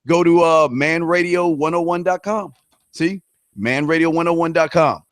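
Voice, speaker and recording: A man co-hosting a casual podcast who swears freely and gives a pumped-up motivational shout-out to listeners. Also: fairly high pitch, normal speed, dry recording. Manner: profane, hyped, motivational shout-outs. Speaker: podcast co-host and radio host.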